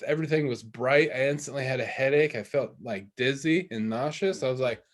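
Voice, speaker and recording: A man's voice: medium pitch, fairly quick. Rambling young man telling a story. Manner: rambling storytelling with many fillers and restarts. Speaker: podcast co-host. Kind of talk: casual chat.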